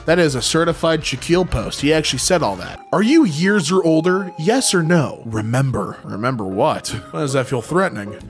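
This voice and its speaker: A man's voice: on the high side, animated, moderate pace, few pauses, soft background music. A young man reading funny posts aloud and reacting with jokey, mock-confused commentary.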